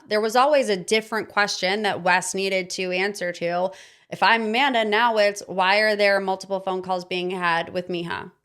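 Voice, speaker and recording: Animated sarcastic woman podcast host. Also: medium pitch. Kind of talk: casual pop-culture commentary.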